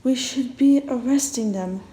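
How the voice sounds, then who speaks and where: A woman reading the lines of a defiant young man held captive with his siblings, loud and demanding, in an echoey room. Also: a little high, a little slow, close to an everyday voice. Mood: angry.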